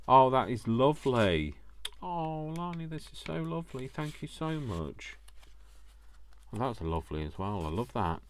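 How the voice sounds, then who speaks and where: A man chatting casually as he unboxes craft gifts, gushing, gasping and talking to himself. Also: lowish voice. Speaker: craft vlogger.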